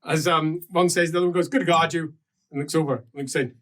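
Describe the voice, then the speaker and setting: A game master narrating a tabletop roleplaying game in an animated, laughing storytelling manner. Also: mid-range voice, fast, distant mic.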